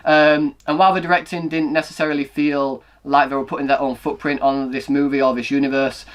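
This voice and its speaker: A young man hosting a casual film review chat, talking quickly and hedging his opinions as he goes. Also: mid-range voice, flat delivery. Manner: fast-talking, hedging, self-correcting. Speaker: movie reviewer, host.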